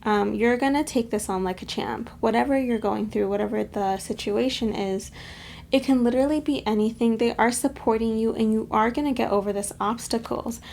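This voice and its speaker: A woman giving a casual pick-a-card tarot reading to camera, chatty and affectionate, addressing her viewers warmly. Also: fairly high pitch, fairly quick, creaky, a little hiss or hum. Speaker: tarot reader.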